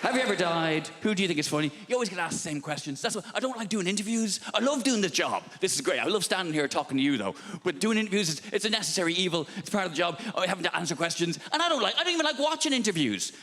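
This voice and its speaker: A man doing stand-up comedy on a big theatre stage, ranting in an animated, exasperated way. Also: high voice, racing, few pauses. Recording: large echoing theatre hall with noise.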